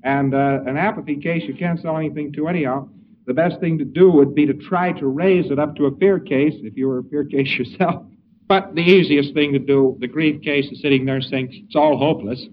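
A man's voice: fairly high pitch, a little fast. Wry man lecturing on an old recording. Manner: wry, digressive, acts out quotes. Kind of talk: informal lecture. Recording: dull distant recording with faint hiss.

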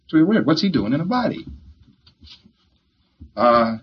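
A man's voice: a little high, very animated, moderate pace, a little hiss or hum. A man giving an informal lecture in a folksy, joking, rambling way, on a dull old tape recording.

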